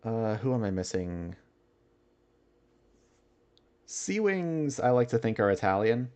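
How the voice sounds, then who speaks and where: Low-voiced man chatting on a livestream. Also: very animated, normal speed, darkish tone. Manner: musing aloud, chuckling often. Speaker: livestreamer reading chat. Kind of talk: casual livestream chat.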